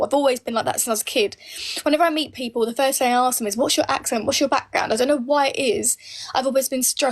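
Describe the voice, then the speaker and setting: A woman in her late twenties, bluntly answering viewer comments on a live stream, swearing freely and speaking her mind. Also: high-pitched. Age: late 20s. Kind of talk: casual live Q&A.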